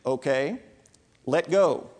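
A preacher putting on the voice of God in a joke, calm, lower and deadpan. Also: male voice, slow, long reverb tail. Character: calm deep-voiced God answering from above.

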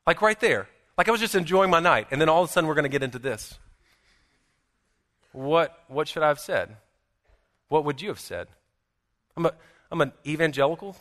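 A male pastor delivers a chapel sermon with a bright, forceful edge to his fairly high voice. He tells stories earnestly. He swings between loud, animated stretches and near-hushed ones. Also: normal speed, long pauses, big-room sound.

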